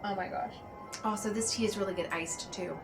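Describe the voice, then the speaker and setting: A woman chatting casually to camera in a vlog, gushing and excitable, with quick bursts of delight. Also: mid-range voice. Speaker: lifestyle vlogger. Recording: echoey room with background music.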